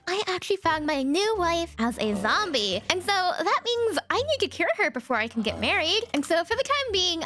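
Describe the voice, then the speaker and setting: A woman's voice: extremely high pitch, fairly bright tone. A young woman narrating her gameplay in a cheerful, chatty way that breaks into squeals and giggles. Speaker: gaming YouTuber. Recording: faint background music.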